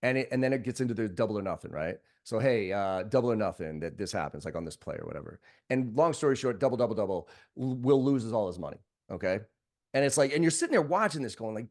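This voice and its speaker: Lowish-voiced guy, blunt and sweary, tells stories with a lot of push. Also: quick pace. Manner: blunt, profane, animated storyteller. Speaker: sales trainer, guest. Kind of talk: podcast conversation.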